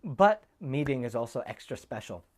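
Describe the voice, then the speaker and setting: A man's voice: mid-range voice, sing-song, moderate pace, a little mellow. A man, a monk, giving an informal sermon full of personal stories, talking in a heartfelt way that wanders off on tangents. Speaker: monk giving a remembrance talk. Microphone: camera recording.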